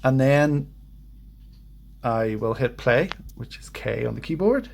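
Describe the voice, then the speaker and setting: Gravelly-voiced man in a relaxed how-to vlog. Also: medium pitch, slow, a little hiss or hum. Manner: relaxed, rambling, self-deprecating; hesitant when sounding out words. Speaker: language learner vlogger. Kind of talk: casual screen-share tutorial. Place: at a home computer.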